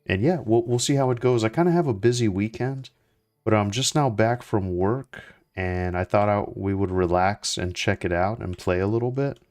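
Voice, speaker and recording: A young man chatting casually as he plays, relaxed and rambling with lots of fillers and restarts. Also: on the low side, moderate pace. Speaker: gaming streamer. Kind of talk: casual gameplay commentary.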